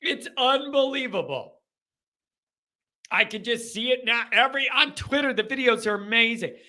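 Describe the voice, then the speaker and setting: Bright-voiced joking man hosting a live chat. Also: extremely high pitch, a little fast. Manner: animated, joking, ranting. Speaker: host.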